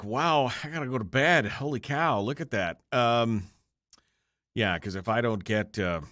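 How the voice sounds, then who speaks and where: A man's voice: on the low side, pushed and bright, no room sound, clean studio sound. A male radio talk show host chatting off the cuff with his online audience during a break, rambling and joking at his own expense, tired and yawning. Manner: rambling, self-deprecating, joking with chat. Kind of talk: off-the-cuff livestream chat.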